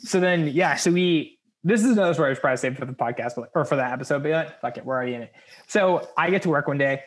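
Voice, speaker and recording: Laughing, animated young man telling a story. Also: fairly high pitch, racing. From United States. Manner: animated, laughing, acts out quoted voices. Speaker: podcast co-host. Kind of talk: casual storytelling chat.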